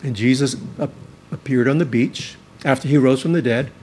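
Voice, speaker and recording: A man preaching a sermon as pastor, earnest and emphatic, slowing down to stress key words. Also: medium pitch, a little mellow, slight background noise.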